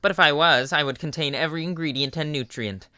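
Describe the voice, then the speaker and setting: A young man voicing a loud, boastful and cheerful skeleton in a fan reading, with a shouty, theatrical delivery. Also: on the high side, fast talker, clean tone, dry recording, studio quality, pitched above the performer's own voice. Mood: proud. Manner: shouty, theatrical, self-assured. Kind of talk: fan voice reading of a game character.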